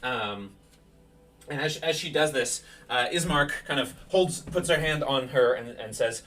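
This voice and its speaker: A man's voice: medium pitch, unhurried, fairly bright tone, recorded from a distance, a little hiss or hum. A man running a tabletop game as game master, giving a vivid play-by-play of dice rolls and attacks.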